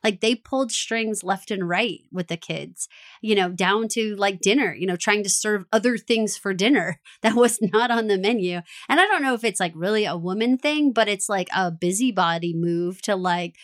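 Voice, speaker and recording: Woman, podcast co-host, lively chat, laughs a lot, acts out quotes, mid pitch. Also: moderate pace. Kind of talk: casual TV recap chat.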